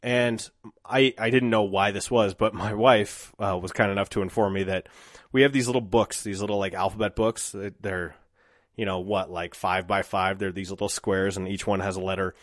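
A man's voice: deep voice, fairly even intonation, normal speed, dry recording. A man in his thirties hosting a solo podcast, talking in a reflective, rambling way with restarts. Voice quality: dry mouth. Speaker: podcast host.

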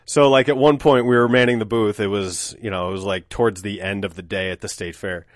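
A man's voice: on the low side, steady tone, a little fast, dry recording, clean studio sound. A man in his thirties hosting a solo podcast, telling stories in a wry, profane, casual way with lots of filler words. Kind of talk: casual storytelling monologue.

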